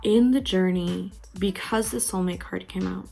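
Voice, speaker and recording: Slow, low-voiced woman tarot reader. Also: gravelly, mellow, faint music behind. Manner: frank, profane, intimate address to the viewer. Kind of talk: tarot reading video.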